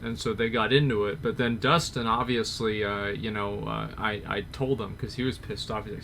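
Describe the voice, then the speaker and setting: A man's voice: on the low side, steady tone, fairly quick, hardly any pauses, background noise. A young adult man streamer telling a story in an offhand, wry way. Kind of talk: casual chat on a livestream.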